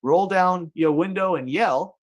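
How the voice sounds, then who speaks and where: A man's voice: high voice, unhurried. A man hosting a comedic monologue show, joking around and putting on folksy voices. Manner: jokey, playful asides and put-on folksy voices. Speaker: host.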